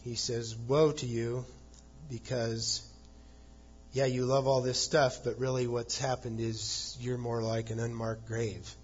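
Husky-voiced man preaching conversationally. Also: mid-range voice, little pitch movement, takes it slowly, lo-fi sound. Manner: explains scripture conversationally, acting out quoted lines with chuckles. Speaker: pastor. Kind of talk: sermon.

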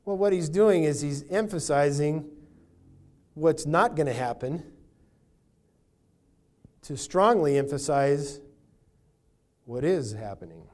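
A man preaching a sermon, teaching through a passage verse by verse and explaining what the words mean, slowing down to stress key words. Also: a little high, animated, a little mellow. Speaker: pastor.

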